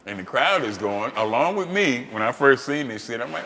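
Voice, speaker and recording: Man, host, casual storytelling, profane, animated outbursts, tense bright tone, reverberant room. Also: mid-range voice, brisk, few pauses, slight background noise.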